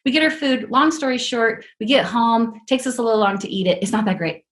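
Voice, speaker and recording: A middle-aged woman hosting a podcast, telling a casual story in a lively way and acting out the voices of the people she quotes. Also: on the high side, brisk. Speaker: podcast host.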